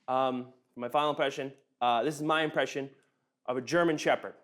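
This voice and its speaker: A man's voice: mid-range voice, fairly even intonation, normal speed, fairly bright tone. A young man doing a stand-up comedy set with a dry, self-deprecating delivery.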